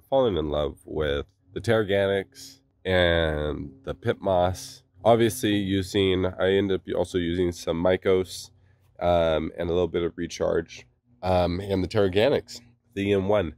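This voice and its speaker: A low-voiced man with a gravelly, slightly congested tone hosts a casual garden vlog. He rambles enthusiastically, restarting his sentences often. The sound is close and dry. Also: measured pace, darkish tone, no room sound. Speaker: gardening channel host.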